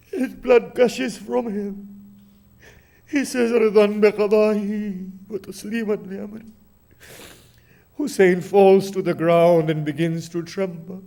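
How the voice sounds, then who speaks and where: A man's voice: sits high, vocal fry, warm tone. A man preacher narrating a mournful sermon in a dramatic, grieving manner.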